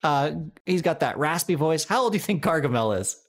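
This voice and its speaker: A man's voice: a little high, fairly quick. A man co-hosting a casual comedy podcast, telling stories and laughing often. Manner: animated storyteller, laughs often. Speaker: podcast co-host.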